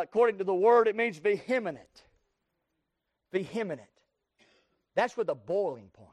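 High-voiced preacher, dry close sound. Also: male voice, no room sound. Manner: swings from low asides to shouted pleas; folksy, repeats key words. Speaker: pastor. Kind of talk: sermon.

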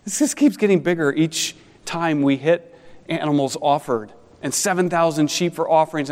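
A man preaching an expository sermon as pastor, animated and conversational with wry asides. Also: a little high, big-room sound.

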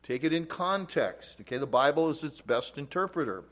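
A man's voice: fairly high pitch, expressive, moderate pace. A man preaching an expository Bible teaching, reading verses aloud and explaining them emphatically. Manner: emphatic, rising loud on quoted scripture.

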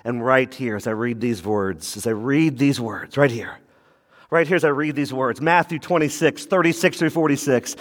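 Preaching an expository sermon at a moderate pace and medium pitch, this pastor alternates hushed asides with loud, raised delivery. He asks the congregation to answer him and repeats phrases to drive points home, and a big room's long reverb trails his words.

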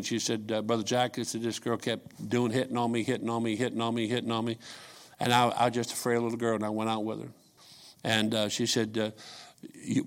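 An older man preaching a sermon, telling folksy stories and swinging from quiet asides to shouts. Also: medium pitch. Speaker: pastor.

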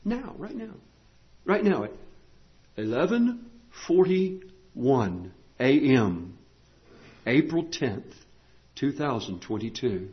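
A man preaching a sermon as pastor, emphatic, repeating key phrases and swinging from loud declarations to hushed lines. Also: mid-range voice, very animated, slow pace, pauses often, muffled recording.

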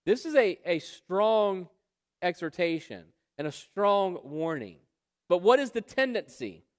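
A man's voice: high voice, very animated, measured pace. A man preaching an expository Bible sermon, emphatic, asking rhetorical questions and drawing out key words. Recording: long reverb of a hall.

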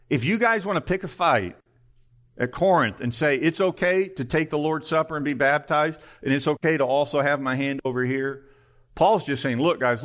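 A man's voice: mid-range voice, a bit bright. A male pastor preaching an earnest sermon, full of pointed rhetorical questions.

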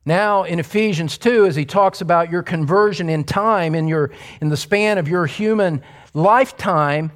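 Man, pastor, sermon, middle-aged, emphatic, fairly high-pitched, loud-to-whisper swings. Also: measured pace. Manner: emphatic, swings between loud exclamations and hushed near-whispers.

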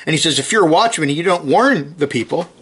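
A man preaching a sermon, earnest and emphatic, driving his points home with short repeated commands and reading scripture slowly with rising stress. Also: on the high side, animated, fairly bright tone, husky.

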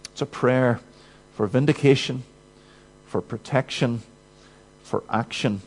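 Male preacher, mid-pitched, unhurried, earnest emphatic sermon delivery; faint hum behind. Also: slightly rough, rough recording. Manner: earnest, emphatic preaching with rising urgency and quiet drops.

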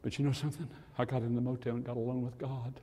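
An older man preaching a sermon in a church, animated and swinging between loud and hushed passages, with a husky voice. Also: mid-range voice, rapid-fire, big-room sound.

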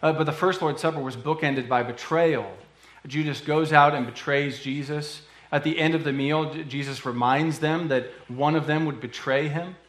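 A man preaching a sermon in an earnest, conversational way, often pausing with fillers. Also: a little high, fairly even intonation, fairly bright tone, echoey room. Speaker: pastor.

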